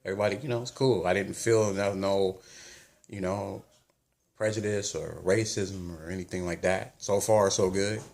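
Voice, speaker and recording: An American man vlogging, telling a chatty, animated travel story with lots of quoted dialogue. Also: deep voice, moderate pace, gravelly. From United States. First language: English.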